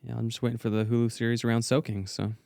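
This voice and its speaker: A man co-hosts a podcast in casual banter, tossing out jokes and quick comebacks. His voice is smooth and resonant, and it is recorded dry, with no echo. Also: mid-range voice, flat delivery, darkish tone. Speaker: podcast co-host. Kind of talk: casual chat.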